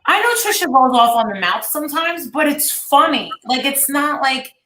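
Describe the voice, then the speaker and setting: A woman's voice: sits high, big pitch swings, normal speed, pushed and bright, slight background noise. A woman hosting a casual online chat, rambling and swearing freely as she retells what others said. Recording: echoey room.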